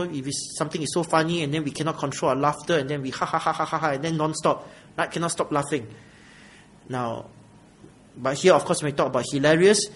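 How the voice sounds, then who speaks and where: A man delivers a sermon, lively and expressive. His voice sits high and has a husky grain. He swings from loud emphasis to quiet asides. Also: low-quality recording. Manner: animated, acts out grudging givers in a whiny voice, then drops quiet. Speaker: pastor.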